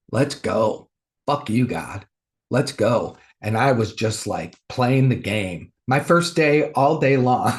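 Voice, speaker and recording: A man sharing a personal spiritual testimony as a spiritual teacher, emotional and swinging between loud bursts and hushed lows.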